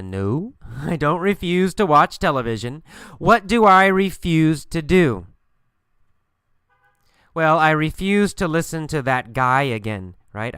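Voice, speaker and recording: A man's voice: a little high, a bit bright, clear, resonant tone, dry recording, clean studio sound. A man teaching an English lesson by telling a story, asking questions and answering them himself with emphatic repetition.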